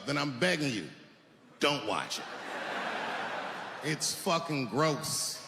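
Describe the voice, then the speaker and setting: Stand-up guy going from mutters to yelling, super lively voice, noisy echoey venue. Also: on the high side. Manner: profane, swings from muttering to shouting. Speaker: stand-up comedian. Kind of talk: stand-up comedy. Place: stage before a live audience. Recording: long hall reverb, noisy live room.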